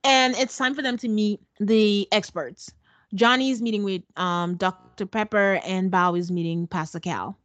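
Woman podcast co-host, sarcastic recap voice, dry close mic, mid pitch. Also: moderate pace, dry recording. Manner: sarcastic, animated storytelling with acted quotes. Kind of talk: casual recap chat.

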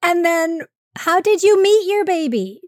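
A woman hosting a podcast, reading an upbeat ad and asking calm interview questions. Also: very high voice, a little slow, no echo, clean studio sound. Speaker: podcast host.

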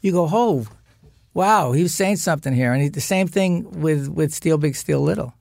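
An older male actor's somewhat high, creaky voice moves at a moderate pace in a dry podcast-studio recording. He's a guest swapping lively anecdotes in casual chat, doing impressions of the people he quotes.

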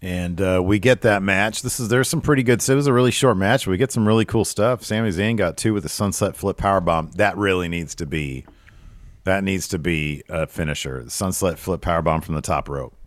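A man co-hosting a casual recap podcast, talking in an animated way that jumps up when he gets excited. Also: deep voice, brisk, no echo. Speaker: podcast co-host.

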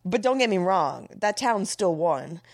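Guesting on a podcast, this Floridian comedian in her thirties shares candid stories conversationally, peppering them with "like." She speaks in a lowish, sing-song voice at an unhurried pace, recorded in a clean studio with no echo.

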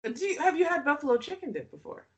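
A woman's voice: sits high, sing-song, fast. A woman co-hosting a podcast in casual chat, playful and teasing, gushing with enthusiasm. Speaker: podcast co-host.

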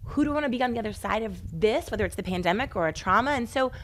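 A woman hosting a podcast interview, telling stories in an animated, emphatic way. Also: on the high side, very fast. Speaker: podcast host. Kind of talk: casual interview chat.

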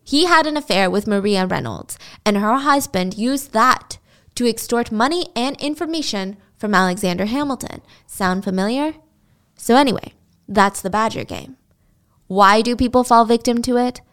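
Woman spinning a story, chatty, kinda high voice. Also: animated, moderate pace, a bit bright, clean tone. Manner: chatty, laughs while telling. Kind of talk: casual storytelling.

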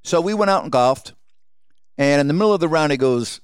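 A man's voice: fairly high pitch, expressive, brisk, clean tone, dry recording, clean studio sound. A man hosting his own podcast, telling a personal story in a conversational way and acting out quoted exchanges with the people in it. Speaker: podcast host.

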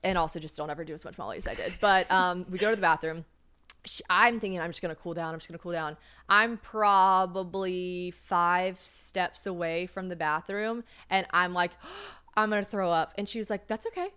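A woman's voice: lowish voice, fairly quick, smooth. A young woman co-hosting a podcast, telling a story in casual chat, acting out what others said and laughing often. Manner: animated, acts out quoted voices, laughs often. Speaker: podcast co-host.

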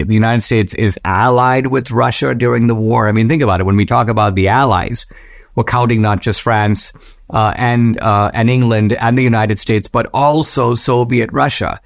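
A man hosting a commentary podcast, speaking in a measured, reflective way, with slow emphatic phrases and quotes read aloud. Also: vocal fry, no echo, clean studio sound. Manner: mimics a Western voice when reading quotes, rising high. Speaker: podcast host. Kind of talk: commentary reading quoted passages.

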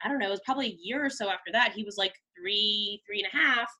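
Bright, chatty woman on a podcast. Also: mid-range voice, fast talker. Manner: chatty, full of "like" and "you know". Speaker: podcast guest. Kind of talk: casual interview chat.

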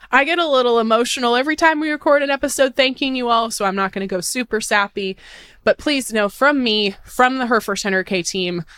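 A woman in her late twenties hosting a podcast, talking in a bubbly, excited, gushing way. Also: mid-range voice, clean tone, dry recording. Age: 20s. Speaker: podcast host. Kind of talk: upbeat podcast monologue.

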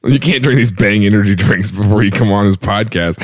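A man's voice: lowish voice, brisk, hardly any pauses. A man co-hosting a casual podcast chat, playfully teasing and joking at his co-host.

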